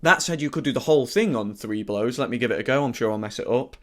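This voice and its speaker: A man's voice: mid-range voice, quick pace, fairly bright tone. Easygoing man teaching harmonica. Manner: easygoing, thinks aloud with self-corrections. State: slightly out of breath. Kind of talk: relaxed instructional talk.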